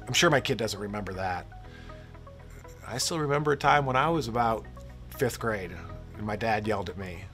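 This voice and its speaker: A man in his forties talks to parents in an earnest, reflective, confessional way. His voice sits on the low side. Soft music plays underneath. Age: 40s. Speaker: church parenting speaker. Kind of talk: scripted-feel talk to parents.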